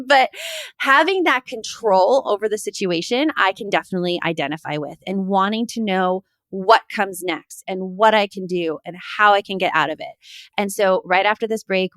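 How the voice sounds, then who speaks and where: A woman's voice: medium pitch, a bit bright, no room sound. A woman hosting an interview podcast, asking questions and adding affirming remarks about herself. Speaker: podcast host.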